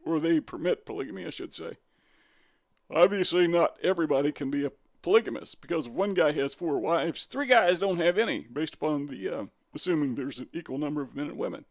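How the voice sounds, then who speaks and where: A man's voice: fairly high pitch, brisk, no room sound, studio quality. Sarcastic, combative male commentator. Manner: sarcastic, combative, asks rhetorical questions. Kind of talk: opinion commentary reading from a web page.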